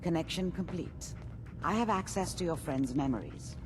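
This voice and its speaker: An actress voicing a calm woman scientist running a memory transfer in a game, speaking in a clinical, instructive way. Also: fairly low pitch, normal speed, over music, lightly acted. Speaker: game character.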